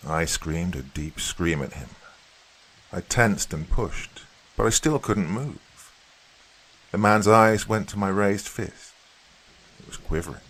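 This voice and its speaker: A man narrating a first-person horror story in a steady storytelling delivery. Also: low-pitched, slow, a little hiss or hum, rough recording.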